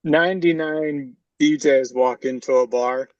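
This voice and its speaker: Man improv player, halting joke delivery, slightly high voice, dry close sound. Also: steady tone, no room sound, highs cut off. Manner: halting, many fillers and restarts. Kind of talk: casual joke telling.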